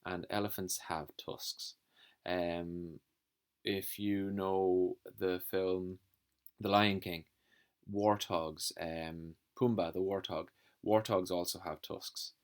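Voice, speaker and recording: A man teaching a phonics lesson to young children, slowly sounding out letters and words. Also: low voice, steady tone, clean tone. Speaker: primary school teacher.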